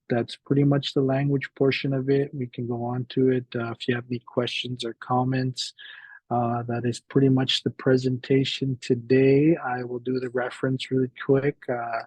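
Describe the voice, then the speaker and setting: A man giving a teaching presentation, slowly sounding out syllables and often checking in with "right?". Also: medium pitch, a little mellow, slightly rough, no room sound, low-quality recording. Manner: slow, repeating syllable sounds aloud; frequent fillers and "right?" tags.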